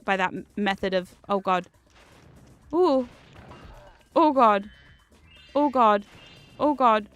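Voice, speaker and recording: Woman streamer with a fairly high voice, chatty and self-mocking, recorded dry with faint music underneath. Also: smooth, dry recording. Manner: animated, jumps between loud outbursts and low asides. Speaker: streamer playing a video game. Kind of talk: casual chat while gaming.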